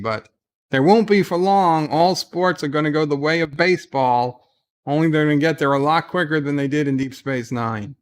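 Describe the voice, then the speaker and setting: A man with a somewhat higher voice hosts a relaxed livestream and reads viewers' chat messages aloud. He talks in a rambling, chatty way, full of "uh"s and restarts, and responds to each comment as he goes. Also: smooth. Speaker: livestream host. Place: at home in bed.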